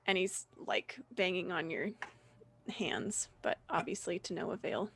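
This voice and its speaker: A woman running a tabletop game as game master, narrating with halting fillers. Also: on the low side, gravelly, a bit bright, breathy edge.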